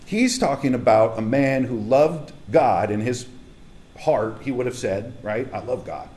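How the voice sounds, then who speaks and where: A man's voice: mid-range voice, expressive, unhurried, darkish tone. A man preaching a casual, conversational sermon as a pastor, speaking emphatically and straight to his congregation in a church hall.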